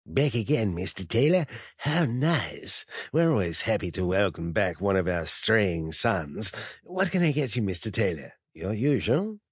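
A man doing a breathy, sinister drug-den host. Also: fairly low pitch, very animated, dry recording, clean studio sound, full character voice. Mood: wheedling. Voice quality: breathy, falsely hearty. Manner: silky, wheedling, slow and coaxing. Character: sinister smiling male drug-den host, ageless, fawning. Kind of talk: audiobook character voice.

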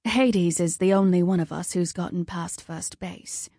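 A woman's voice: lowish voice, fairly even intonation, unhurried, warm tone, dry recording, clean studio sound. A woman voicing a wry young trickster god.

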